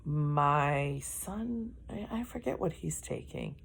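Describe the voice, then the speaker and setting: A woman's voice: low voice, lively intonation, slow pace, gravelly, slightly rough. A middle-aged woman, chatting casually in a vlog, rambling and correcting herself as she goes, yawning often. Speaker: vlogger.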